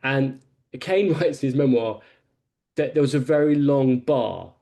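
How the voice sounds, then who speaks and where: A man's voice: medium pitch, measured pace, dark tone. A man on a podcast panel, telling a long film anecdote in a rambling, casual way.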